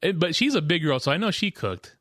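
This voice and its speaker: A man co-hosting a casual podcast, telling stories in a lively, chatty way. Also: a little high, fairly quick, dry recording. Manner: animated storytelling, mimics neighbors. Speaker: podcast co-host. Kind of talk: casual chat.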